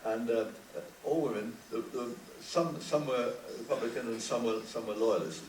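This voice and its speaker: An older man on a panel, recalling the past in halting speech full of repeated words. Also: medium pitch, a little mellow. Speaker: panel guest. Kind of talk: reflective panel talk. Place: conference hall. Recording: roomy hall, distant mic, faint hiss.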